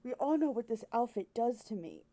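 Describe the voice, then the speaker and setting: A woman's voice: fairly high pitch, expressive, a little fast, warm tone. A woman streaming a game, commenting casually with giggly, flustered exclamations, game music behind.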